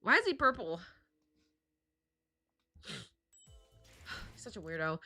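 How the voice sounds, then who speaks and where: A woman's voice: a little high, takes it slowly, long pauses. A young woman streaming a game live, gushing over characters, reading lines aloud and joking. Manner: gushing, excitable, reads dialogue aloud and jokes.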